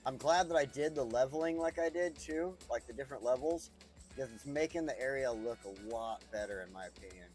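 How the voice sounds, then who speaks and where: Man, mid-pitched, loose profane gameplay chatter, laughs a lot; cast as a casual streamer. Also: a little fast, a little mellow, soft background music. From United States. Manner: rambling, profane, chuckles often. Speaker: streamer playing a city-building game.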